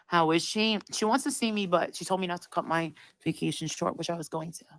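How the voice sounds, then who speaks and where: A woman's voice: on the low side, moderate pace, a bit bright, dry recording. A woman chatting casually on a livestream, rambling and swearing as she acts out her relatives' words.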